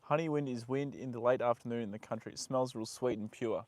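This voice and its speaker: A young man live-streaming from a horse paddock, chatting with viewers and talking softly to his horse. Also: medium pitch, fairly quick, dry recording. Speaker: livestream host. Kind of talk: casual live stream chat.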